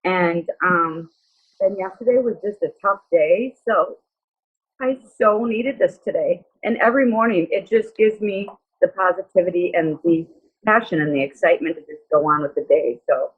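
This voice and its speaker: A woman on a group video call speaks from the heart, halting now and then with fillers. Her voice is husky and a little low. The sound comes through thin, like a phone line. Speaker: call participant, business owner. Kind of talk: sharing personally on a group call.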